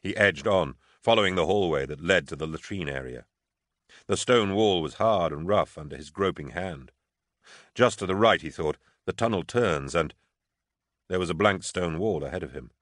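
Deep-voiced male audiobook narrator. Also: lively intonation, normal speed, a bit bright, no room sound, studio quality.

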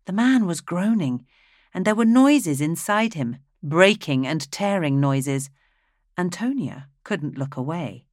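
A woman with a low voice narrates a story aloud in a steady, even manner. The recording is dry and close, with no room sound. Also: takes it slowly, no room sound. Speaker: audiobook narrator. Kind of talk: scripted narration.

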